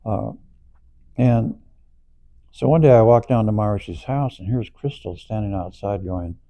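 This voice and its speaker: Gravelly dark-voiced man telling a story. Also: lowish voice, moderate pace. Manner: animated storytelling, acts out quoted voices, laughs while telling. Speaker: storyteller recalling past events. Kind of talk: casual anecdote telling. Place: auditorium, on stage.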